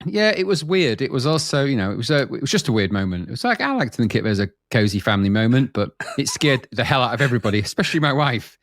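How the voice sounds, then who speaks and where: A man's voice: medium pitch, lively intonation, quick pace, hardly any pauses, a bit bright. A middle-aged man hosting a podcast, moving from a scripted intro into a chatty, laugh-filled conversation. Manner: chatty, self-mocking, laughs often. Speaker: podcast host. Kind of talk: scripted intro then casual chat.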